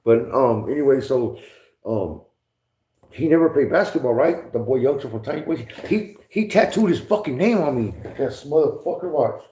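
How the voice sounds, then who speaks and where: His voice is medium-pitched and warm, with lively intonation and normal speed. He's a podcast guest casually recounting prison stories, using heavy slang and swearing, frequently laughing and imitating others, in an echoey room with dull lo-fi audio.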